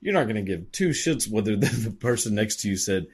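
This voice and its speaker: A man's voice: on the low side, animated, fairly quick, husky. A man reacting to videos with an angry, sarcastic, profane rant full of "like" fillers. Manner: angry, sarcastic, swears constantly, many "like" fillers.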